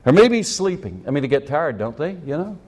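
A man's voice: on the high side, sing-song, fairly quick, a little mellow. A man preaching a sermon, cracking jokes and acting out scenes in voices. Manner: jokey, acts out scenes in voices. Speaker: pastor.

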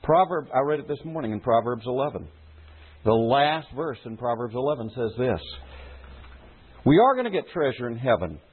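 Male pastor, middle-aged, lively and animated preaching, tinny phone-like sound. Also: medium pitch, moderate pace, husky. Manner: preaching with rhetorical questions to the congregation. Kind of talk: sermon. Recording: phone-like lo-fi recording.

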